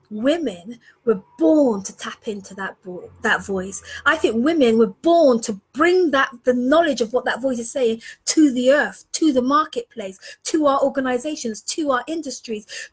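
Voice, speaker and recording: High-voiced woman coach, bit husky, earnest animated storytelling. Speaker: leadership coach. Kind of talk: personal storytelling talk.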